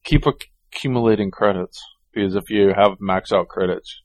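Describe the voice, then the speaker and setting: A man's voice: fairly low pitch, moderate pace, no room sound. A man co-hosting a casual chat, hesitant and full of restarts. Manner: hesitant, many ums and restarts. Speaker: podcast co-host.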